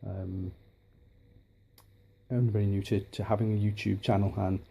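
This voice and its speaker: A man's voice: lowish voice, level tone, normal speed, vocal fry, mellow, slightly rough. A man talking to camera in a casual vlog, hesitant with many ums and restarts. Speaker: YouTuber.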